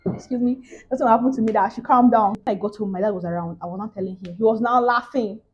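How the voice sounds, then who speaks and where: A woman's voice: fairly high pitch, quick pace, breathy edge, dull audio. A young Nigerian woman with a Nigerian accent, telling a story in a casual vlog and acting out the other people's voices. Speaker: vlogger.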